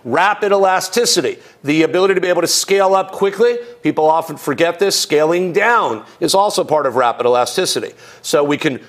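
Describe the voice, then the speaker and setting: A man with a slightly higher voice teaches a recorded tech course. He explains in a loose conversational way, stacking rhetorical questions and casual asides, as if talking straight into a studio mic. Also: fairly quick, few pauses. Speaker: instructor.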